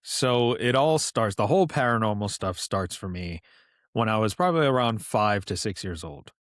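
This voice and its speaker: A man in his thirties from New York, a podcast guest telling personal stories in a relaxed, conversational way with asides. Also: on the low side, normal speed, dry recording, clean studio sound. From New York, USA. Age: 30s. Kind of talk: casual storytelling.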